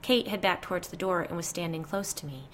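A woman reading a first-person ghost story aloud in a measured storytelling voice. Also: fairly low pitch, a bit bright, a little hiss or hum. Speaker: narrator.

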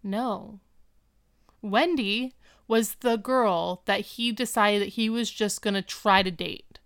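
A woman's voice: mid-range voice, steady tone, takes it slowly, fairly bright tone, clean tone, dry recording, studio quality. A woman co-hosting a podcast, chatting casually and animatedly as she recaps a TV episode and acts out the characters' lines. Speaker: podcast co-host.

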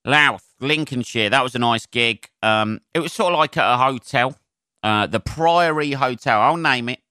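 A man's voice: mid-range voice, moderate pace, pushed and bright, smooth, dry recording. A man, a comedian hosting his own podcast, chatting on his own in a rambling, sweary way with lots of ums, close to the mic. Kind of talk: casual solo podcast monologue.

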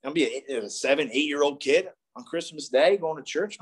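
A man's voice: fairly high pitch, normal speed, few pauses, husky. A man in his thirties telling a rambling, profane story at a recovery meeting. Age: 30s. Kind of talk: casual storytelling talk.

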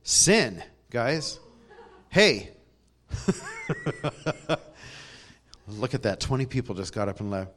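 A man's voice: mid-range voice, sing-song, slow pace, pauses often, a bit bright, slight background noise. Man preaching a chatty sermon. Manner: storytelling, self-deprecating humor with laughs. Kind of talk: conversational sermon. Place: church.

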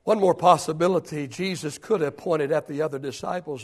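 A man preaching a sermon as pastor, repeating rhetorical questions, building to shouts and then dropping to a hush. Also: fairly high pitch, a little fast, hardly any pauses. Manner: preaching with rising shouts and sudden hushed drops.

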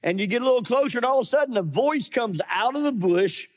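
A middle-aged male pastor preaching a sermon, animated and acting out voices in his stories. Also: very high voice, fast talker. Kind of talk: sermon with scripture reading.

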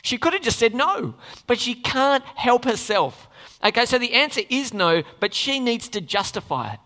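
Lively, chatty preacher in a reverberant hall. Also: mid-range voice, normal speed. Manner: conversational, asks the congregation questions, playful asides. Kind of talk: sermon. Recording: long reverb of a large hall.

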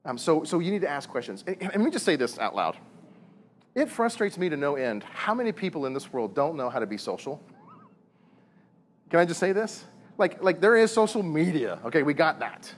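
A man in his thirties preaching a sermon on marriage, animated and full of rhetorical questions and repeated words. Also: a little high, brisk, slight background noise. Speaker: pastor.

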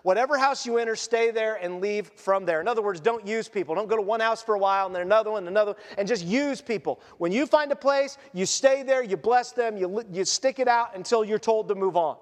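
High-voiced preacher in an echoing hall. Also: male voice, fast, few pauses. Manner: conversational, animated storytelling. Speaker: pastor. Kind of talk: sermon. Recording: long church reverb.

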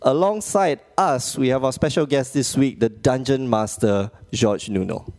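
A man from Malaysia hosts a relaxed podcast with friends. He rambles through stories, teases his co-hosts and laughs often, and his pitch sits in an ordinary middle range. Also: moderate pace. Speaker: podcast host. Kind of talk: casual podcast chat.

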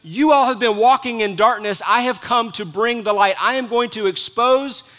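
A man preaching a sermon as pastor, earnest, dropping to soft hushed lines and rising to emphatic ones. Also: very high voice, normal speed.

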